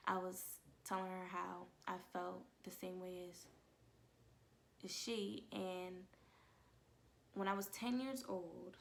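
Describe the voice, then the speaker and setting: A young woman vlogging at home, telling an emotional personal testimony in a casual way and often dropping into soft whispers. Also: lowish voice, flat delivery, slow pace, creaky, long pauses, slight background noise.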